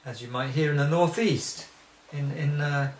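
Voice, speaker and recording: A man teaching a spoken lesson, talking slowly and haltingly, often restarting and clearing his throat. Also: on the high side, reverberant. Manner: slow and hesitant, frequent restarts and throat clearing.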